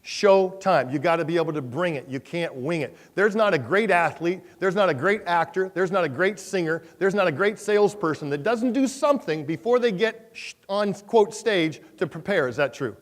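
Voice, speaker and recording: A man with a high voice delivers a motivational keynote in a large hall. His words ring with long reverb. He talks in punchy, repeated phrases and keeps questioning the crowd. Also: expressive, moderate pace, hardly any pauses. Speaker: motivational speaker. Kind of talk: high-energy keynote speech to a live audience. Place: large conference room with an audience.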